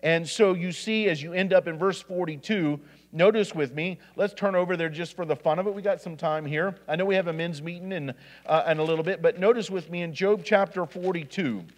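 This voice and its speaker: High-voiced preacher man in a reverberant church. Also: fairly quick. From Indiana. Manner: preaching from scripture with frequent restarts and asides. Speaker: assistant pastor. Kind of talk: sermon. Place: church sanctuary. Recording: church hall with long reverb.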